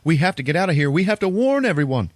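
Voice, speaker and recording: A man putting on the voice of a panicked male priest, speaking in a high, frantic and shaky way. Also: sing-song, moderate pace, dry recording, clean studio sound.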